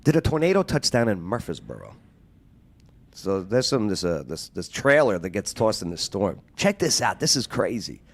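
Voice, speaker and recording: Man, show host, joking banter, lively swinging pitch. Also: moderate pace. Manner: animated, joking, plugs the show. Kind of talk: casual talk-show banter.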